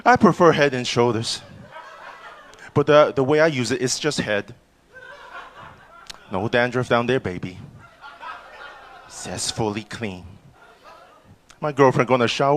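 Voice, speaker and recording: A male comedian doing a live stand-up set in a comedy club, stammering on restarts and jumping into loud voices for the people he quotes. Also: mid-range voice, a little slow, pauses often, slight background noise.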